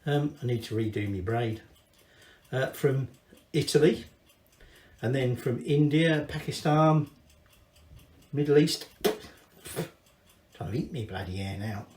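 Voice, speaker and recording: Pitched in the middle and slightly mellow, the voice moves a little slowly with long pauses. He's a Scottish cooking channel host cheerfully rambling and swearing through a recipe in an echoey home kitchen.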